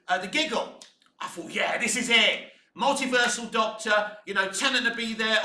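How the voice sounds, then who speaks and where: Man, high-pitched, ranting fan commentary, profane, echoey room. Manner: profane, swinging from muttering to shouting.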